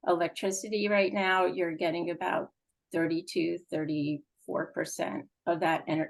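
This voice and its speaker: A woman's voice: on the low side, gravelly, rough recording. A woman speaking for a gas utility at a public meeting, explaining at length with frequent fillers. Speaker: utility company representative.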